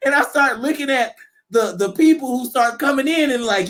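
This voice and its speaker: Brief: animated man, casual podcast storyteller who acts out quoted voices. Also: very high voice, fairly quick. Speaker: podcast co-host. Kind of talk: casual political chat.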